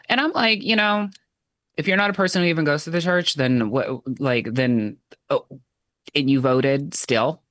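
A man in casual political chat, ranting in an animated, exasperated way and acting out the people he quotes. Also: fairly high pitch, moderate pace, no echo, studio quality.

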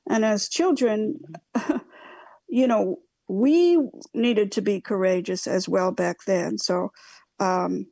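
An older woman hosting a radio talk show, speaking haltingly with a gravelly voice and many fillers. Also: mid-range voice, a little mellow, no echo. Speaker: radio host.

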